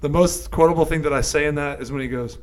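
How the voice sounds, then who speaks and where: A man's voice: fairly high pitch, fast, crowd noise. A man co-hosting a podcast, chatting casually in a jokey way. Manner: jokey, likes quoting lines. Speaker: podcast co-host. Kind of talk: casual chat.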